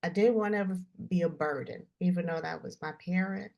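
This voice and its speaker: A woman, a podcast guest, speaking reflectively and haltingly in a personal conversation about mental health. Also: lowish voice, gravelly, lo-fi sound. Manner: soft-spoken, halting, reflective.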